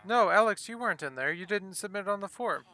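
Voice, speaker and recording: Bright-toned voice-chat friend, matter-of-fact. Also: mid-range voice, animated, a little fast. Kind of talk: casual gaming chat.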